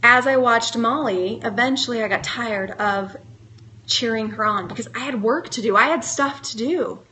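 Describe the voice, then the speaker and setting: A middle-aged woman with a high, bright voice gives a live motivational talk straight to her viewers. She coaches in an earnest way and keeps putting questions to them. Her tone stays clear and lifted. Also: moderate pace, a little hiss or hum. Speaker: motivational speaker.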